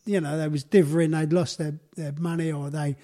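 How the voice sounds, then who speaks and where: A podcast host with a mellow, slightly high voice. He chats casually and reflectively and often restarts his sentences as he gathers his thoughts. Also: little pitch movement, fairly quick. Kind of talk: casual chat.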